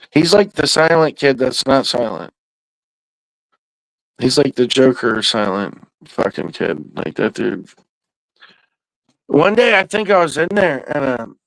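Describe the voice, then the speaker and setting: A man hosts a podcast and tells his stories in a loose, meandering way, swearing freely and drawling through asides. His voice sits at an ordinary middle pitch. The sound is dry and close, with no room around it. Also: creaky, a bit bright, no room sound, low-quality recording. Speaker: podcast host. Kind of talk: casual rambling storytelling.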